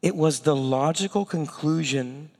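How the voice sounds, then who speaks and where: Guy preaching a sermon, pretty high voice, long hall reverb, acts out the voices then gets quiet and slow. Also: gravelly. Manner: animated storytelling, acting out quoted voices; drops to a slow, hushed tone for weighty points. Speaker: pastor.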